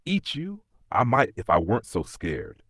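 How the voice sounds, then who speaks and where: A man's voice: on the low side, big pitch swings, moderate pace, fairly bright tone, dry recording, studio quality. A man voicing a big male lion who is a coward, speaking in a sighing, ashamed way. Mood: sheepish. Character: timid, gloomy male lion.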